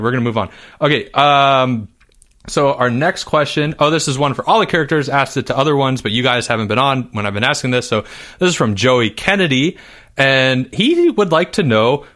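A man's voice: mid-range voice, a bit bright. A man hosting a casual listener Q&A, friendly and easily amused, keeping things moving. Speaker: podcast host. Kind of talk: casual chat.

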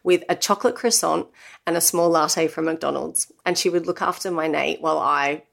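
A woman's voice: low voice, moderate pace, vocal fry. An Australian woman in her thirties, a guest telling her own story openly and reflectively, with many "you know" asides. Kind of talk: candid personal storytelling.

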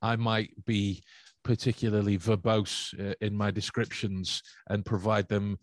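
A man's voice: lowish voice, flat delivery, unhurried, dry recording. A young man with a Stoke-on-Trent accent, chatting casually as a podcast host, rambling with many fillers and restarts. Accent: Stoke-on-Trent English. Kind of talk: casual chat.

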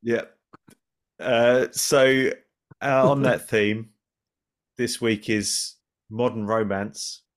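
A man co-hosting a casual podcast chat, rambling through anecdotes and getting animated as he laughs. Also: on the low side. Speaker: podcast co-host.

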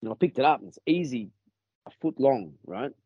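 A man's voice: mid-range voice, animated, brisk, slightly rough, dry recording, dull audio. Rambling, profane Australian man. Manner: rambling and profane, with many restarts. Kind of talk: casual storytelling on a podcast.

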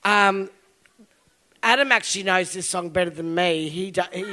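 Bright, bawdy Australian woman comic. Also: fairly low pitch, moderate pace. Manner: bawdy, crude, heavy swearing. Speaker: stand-up comedian. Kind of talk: live stand-up comedy. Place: live comedy venue stage.

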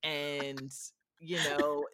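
Midwestern woman comedian, animated and jokey. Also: deep voice, extremely slow, dry recording, studio quality. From American Midwest. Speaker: guest comedian. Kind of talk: casual podcast chat.

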